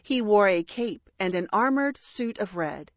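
A woman reading a rhyming children's story aloud with a measured, expressive delivery. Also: mid-range voice, no room sound, dull audio. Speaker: narrator.

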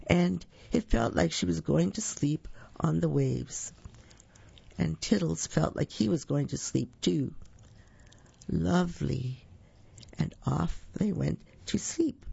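A reader telling a children's picture book slowly, stretching words and adding sound effects. The voice is gravelly and husky with a dark tone. The recording is dry and dull. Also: medium pitch, dry recording. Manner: slow, drawn-out storytelling with sound effects. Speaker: storytime reader.

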